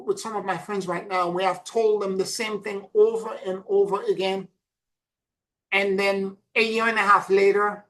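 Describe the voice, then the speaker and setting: A woman giving a casual spiritual talk, telling stories earnestly and repeating her points, dropping to soft asides and rising to emphatic peaks. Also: medium pitch, low-quality recording. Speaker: spiritual teacher.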